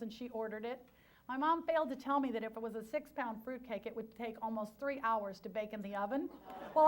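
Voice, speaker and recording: A middle-aged woman giving a talk to an audience, telling her story in a lively, chatty way and acting out quoted asides. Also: high voice. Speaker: guest speaker, restaurant founder.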